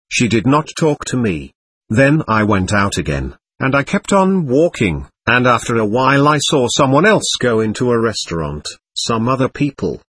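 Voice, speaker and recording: Guy reading out a lonely little girl ghost, husky voice, lots of ups and downs. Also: medium pitch, a bit bright, no echo. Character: lost, lonely girl spirit, childlike. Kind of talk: reading a séance transcript aloud.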